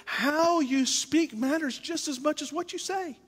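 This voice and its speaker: A man's voice: very high-pitched, a little slow, fairly bright tone, long reverb tail. A man preaching a conversational sermon as pastor, repeating phrases for emphasis.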